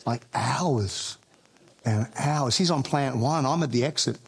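A man's voice: medium pitch, takes it slowly, a little hiss or hum. A man preaching a sermon as pastor, telling jokey family stories with frequent restarts and building emphasis when quoting scripture. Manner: humorous storytelling with frequent restarts.

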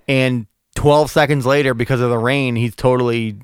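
A man's voice: medium pitch, fairly even intonation, moderate pace, smooth, dry recording, clean studio sound. A man co-hosting a podcast, casually recounting movie scenes in an easygoing way. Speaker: podcast co-host.

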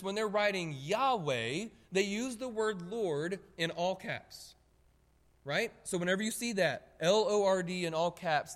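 A man preaching a sermon, animated and emphatic, talking straight to his congregation. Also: sits high. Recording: long reverb of a hall.

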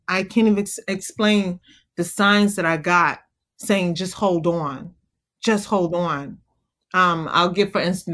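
Earnest woman talking about motherhood. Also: lowish voice. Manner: earnest, encouraging, animated when telling stories. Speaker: guest, mother. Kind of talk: conversational interview.

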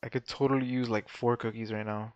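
A man's voice: mid-range voice, level tone, fairly quick, dry recording. Bantering man, dry muffled sound. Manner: laughing, profane banter. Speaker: podcast co-host. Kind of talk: casual chat.

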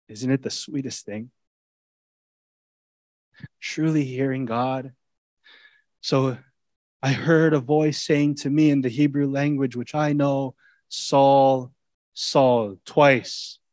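A man preaching a sermon as a pastor, speaking in a conversational way that swings between loud, emphatic lines and quiet, intimate asides. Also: mid-range voice, fairly even intonation, slow pace, pauses often, no room sound. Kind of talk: expository sermon.

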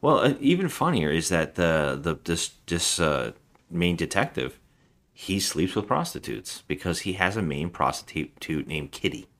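Deep-voiced man recapping a film. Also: big pitch swings, a little slow, fairly bright tone. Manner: rambling, acts out scenes in voices. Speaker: podcast host. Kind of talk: casual film review chat.

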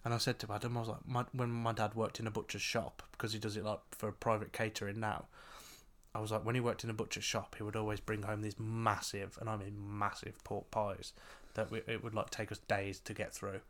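A man's voice: on the low side, little pitch movement, brisk, a bit bright. A man who performs in drag, co-hosting a podcast in casual, joking chat. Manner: chatty, joking, laughs often.

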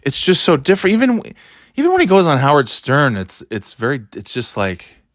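A man's voice: a little high, wildly swooping pitch, fairly quick, dry recording, studio quality. A man hosting casual commentary, sarcastic and rambling, with frequent swearing. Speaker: commentary host.

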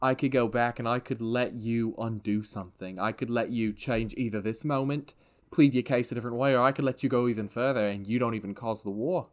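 A man narrating a tabletop role-playing game as game master, in a relaxed, conversational way. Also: medium pitch, brisk. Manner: relaxed, conversational, with frequent laughs.

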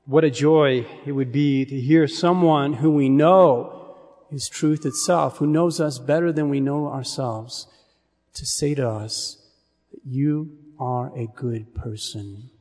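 A man preaching a sermon in an earnest, measured way, dropping his voice to a hush on key phrases. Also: medium pitch, fairly even intonation. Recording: long hall reverb.

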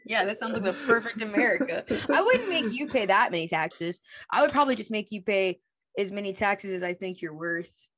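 A woman's voice: medium pitch, big pitch swings, fairly quick, fairly bright tone. A young woman co-hosting a podcast, rambling and ranting in casual chat, often acting out quoted voices. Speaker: podcast co-host.

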